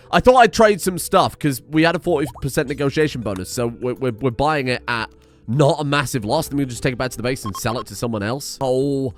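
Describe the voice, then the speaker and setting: A man commenting on a strategy game he plays, excitable and swearing, with sudden yelled outbursts. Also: on the high side. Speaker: gaming streamer. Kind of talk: let's-play commentary.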